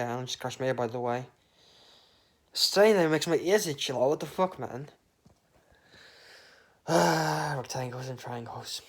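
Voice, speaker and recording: A man, rambling through an absurd, meandering monologue with casual swearing. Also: on the high side. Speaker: vlogger.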